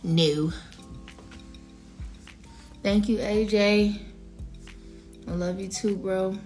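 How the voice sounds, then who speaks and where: A woman's voice: mid-range voice, fairly even intonation, drawn-out words, darkish tone, soft background music. A woman in her thirties on a casual, emotional livestream, choked up and holding back tears as she thanks viewers by name. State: teary, choked up. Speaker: singer addressing livestream viewers.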